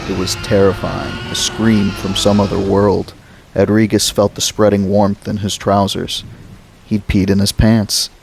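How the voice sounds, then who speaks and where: A man reading a thriller novel aloud as a narrator, slow and dramatic. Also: fairly low pitch, vocal fry, a little hiss or hum, low-quality recording. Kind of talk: audiobook narration.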